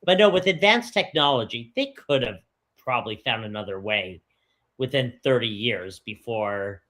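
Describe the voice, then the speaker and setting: A man co-hosting a casual movie podcast, curious, asking questions and reacting quickly. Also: medium pitch, lively intonation, bright, forceful tone. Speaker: podcast co-host. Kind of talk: casual movie review chat.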